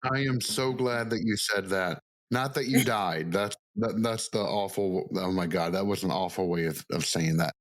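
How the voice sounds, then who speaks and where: Low-voiced man in casual chat. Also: moderate pace, hardly any pauses, no room sound, rough recording. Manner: chatty, animated storytelling with fillers. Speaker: podcast host.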